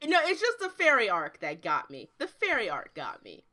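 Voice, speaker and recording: A woman's voice: mid-range voice, huge pitch swings, moderate pace, pushed and bright. A woman hosting a podcast, chatting casually and reading out news. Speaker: podcast host.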